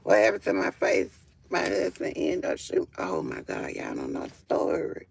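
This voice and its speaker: A woman's voice: a bass voice, huge pitch swings, moderate pace, creaky, a little mellow, slightly rough. A woman telling her own story in a casual live stream on her phone, emphatic, with frequent fillers. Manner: emphatic, with frequent fillers like "or whatever" and "you feel me".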